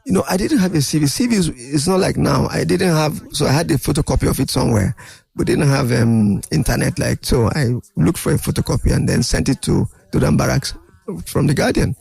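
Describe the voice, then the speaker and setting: An older man, a guest in an interview, telling animated anecdotes and acting out other people's voices. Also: mid-range voice, brisk, creaky, husky. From Nigeria. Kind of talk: storytelling interview.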